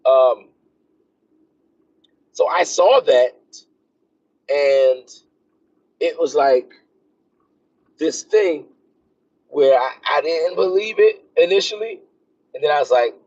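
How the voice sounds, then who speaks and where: His voice sits on the high side with lively intonation, yet he speaks slowly with long pauses, the tone darkish and slightly rough. A military officer driving onto a base, he rambles casually in vlog style with many fillers, and the sound is dull and lo-fi.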